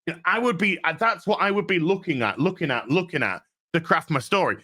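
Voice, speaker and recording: A man's voice: on the high side, expressive, fast talker, bright, forceful tone. A man, co-hosting a casual podcast and giving blunt, profane critique. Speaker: co-host.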